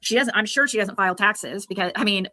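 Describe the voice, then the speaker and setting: A woman streamer talking casually on a livestream, rambling and halting. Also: mid-range voice, pushed and bright.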